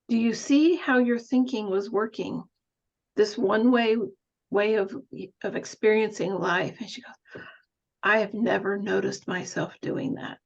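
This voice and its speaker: A woman at a middle pitch speaks as a nurse coach, musing thoughtfully through her points and laughing lightly now and then. The sound is dull and lo-fi. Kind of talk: reflective coaching talk.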